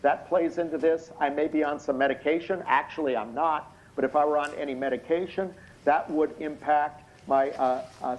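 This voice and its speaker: A tired, slightly hoarse man giving expert courtroom testimony over a video call, explaining things in a measured way with many hesitant fillers. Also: on the high side. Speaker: expert witness. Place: indoor room at night. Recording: muffled video call audio.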